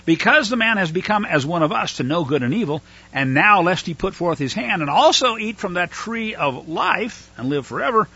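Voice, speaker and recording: Male Bible teacher, animated and husky; unpacks Hebrew terms, thinks aloud; dull lo-fi recording. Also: a little high. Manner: explains Hebrew words, thinks aloud with fillers.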